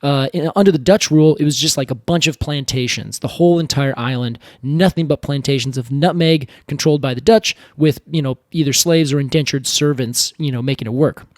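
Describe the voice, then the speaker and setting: A man with a fairly high voice co-hosts a podcast, spinning a history tale in a casual, animated way. He slips into quick acted-out voices for the people in his story. The recording is dry and close, with no room sound. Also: no room sound. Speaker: podcast co-host. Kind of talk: casual educational chat.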